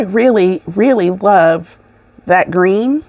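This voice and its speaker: Lively woman ranting in casual chat. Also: on the high side, a little slow, no room sound, muffled recording. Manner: animated, ranting, laughing. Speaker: crochet podcast host.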